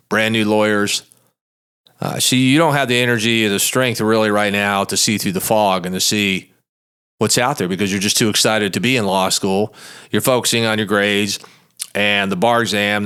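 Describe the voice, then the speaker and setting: A man's voice: lowish voice, fairly bright tone, clean tone. A man, a lawyer hosting his own show, telling a story in a blunt, folksy, emphatic way in a monologue podcast. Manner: plain-spoken and blunt.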